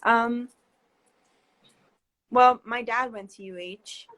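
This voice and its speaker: This woman in her twenties, from New Jersey and with the accent to match, joins a video call as a guest artist for a casual chat. Her voice sits a little high with a fairly bright tone, and the recording is rough. She rambles hesitantly, filling gaps with fillers and quick laughs.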